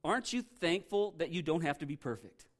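A pastor delivering a sermon in an animated, conversational way, his voice sitting a little higher than most men's. He jokes and throws rhetorical questions at his congregation as he reads and unpacks scripture. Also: a little fast.

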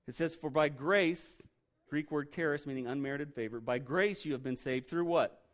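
A man preaching a sermon, animated and humorous, tossing rhetorical questions at the congregation. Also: on the high side, moderate pace. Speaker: pastor.

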